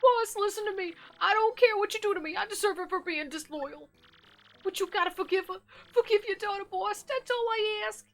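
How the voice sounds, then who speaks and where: A woman's voice: extremely high pitch, fairly quick, soft background music. A woman voicing a loyal young male henchman in a game, earnest and begging.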